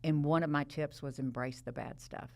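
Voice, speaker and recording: Middle-aged woman podcast host from Texas, low and gravelly, animated storyteller. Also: normal speed. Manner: lively storyteller, laughs often. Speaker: podcast host, trial lawyer. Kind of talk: casual interview chat.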